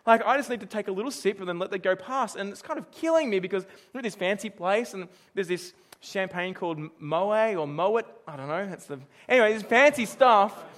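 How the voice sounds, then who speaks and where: A man's voice: sits high, a little fast, few pauses, fairly bright tone. A middle-aged man preaching a sermon in a conversational, storytelling way, asking his congregation questions as he goes. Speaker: pastor.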